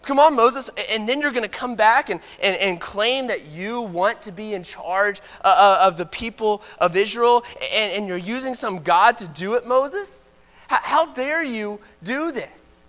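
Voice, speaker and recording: Male preacher voicing a scornful high-voiced king, ringing reverb. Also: lively intonation, a little slow, fairly bright tone. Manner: mocking, indignant.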